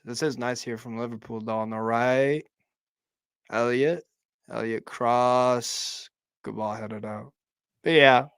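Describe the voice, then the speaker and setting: Chicago-accented male co-host, bright crisp voice, relaxed opinionated chat. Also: mid-range voice, no echo. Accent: Midwestern American (Chicago). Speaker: live stream co-host. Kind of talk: casual live football chat.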